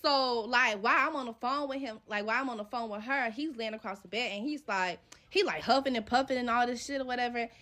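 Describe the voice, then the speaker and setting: A woman's voice: a little high, fast talker, few pauses, sharp tone. Young woman telling a profane storytime. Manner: profane, slangy, retells scenes with quoted dialogue. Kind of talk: casual storytime monologue.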